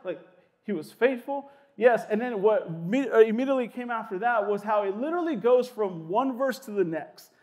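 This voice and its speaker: A young male pastor preaching a sermon in a casual, animated way, with lots of "like" fillers and quick asides. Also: sits high.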